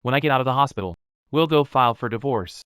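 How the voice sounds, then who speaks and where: A man's voice: medium pitch, quick pace, fairly bright tone, roomy sound, big-room sound, natural voice. Hopeless blinded husband, a man acting. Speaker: injured blind husband in a drama. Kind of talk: dubbed drama acting.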